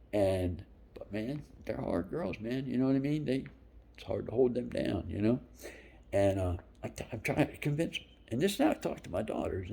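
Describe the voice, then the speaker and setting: Gravelly husky guy in his 50s rambling and cussing, voice jumps all over. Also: medium pitch. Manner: profane, rambling, swings between loud bursts and whispered asides. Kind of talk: rambling storytelling monologue.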